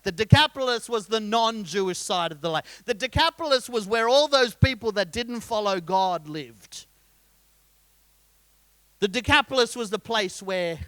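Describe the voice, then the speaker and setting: A pastor delivers his sermon in a high, bright man's voice that sounds crisp and close. He tells the story with humour and keeps asking the congregation questions. The sound is dry, with almost no room around it. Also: no echo. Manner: lively storyteller, jokes and quizzes the congregation.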